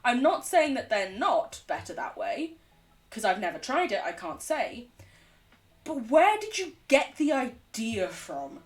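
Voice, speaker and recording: Animated English woman streaming a game. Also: a little high, unhurried, far from the mic, faint music behind. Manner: animated, laughs often, swears casually. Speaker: livestreamer. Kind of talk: casual chat while gaming.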